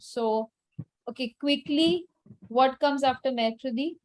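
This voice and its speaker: A woman teaching French in a live online class, repeating words slowly and patiently, then explaining briskly. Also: high-pitched, darkish tone, no echo, rough recording.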